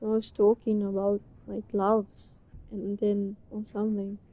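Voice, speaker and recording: A young woman streamer reacting to an old clip, gasping and laughing with excitement. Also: medium pitch, unhurried, muffled recording.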